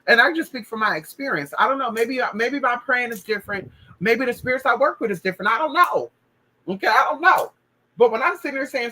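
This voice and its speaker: A woman's voice: a little high, expressive, a little fast, pushed and bright, poor audio. A woman telling a spiritual story in casual talk, sassy and full of profanity. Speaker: spiritual practitioner.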